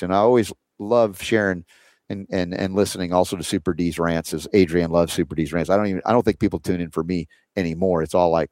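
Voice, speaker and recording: A male talk show host with a low voice, chatting in a loose, rambling way full of fillers and restarts. His voice is recorded close and dry, with no room sound. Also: steady tone, fast, darkish tone, no room sound. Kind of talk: casual talk show chat.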